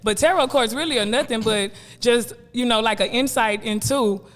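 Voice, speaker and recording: A woman's voice: a little high, normal speed, in a large hall. A woman guest comedian in casual podcast chat, brash, blunt and joking.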